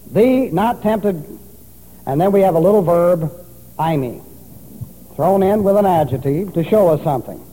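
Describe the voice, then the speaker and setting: Preacher, high-ish voice but dark sounding, spells greek words out letter by letter, big echoey church hall. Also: male voice. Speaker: pastor. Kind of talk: expository sermon teaching Greek grammar. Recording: long reverb of a large hall.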